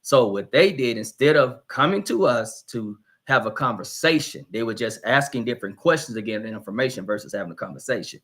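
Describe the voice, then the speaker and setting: A man, a pastor, hosting a live church discussion and telling a story in a lively, animated way. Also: mid-range voice, a little fast, hardly any pauses. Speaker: pastor and host.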